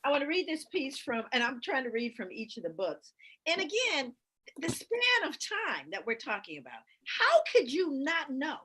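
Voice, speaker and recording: A middle-aged woman who works as a speaker and educator talks in a lively, conversational way, telling stories, laughing often and reading aloud from books with emphasis. Her voice sits high and moves at normal speed, and she comes across as an animated storyteller.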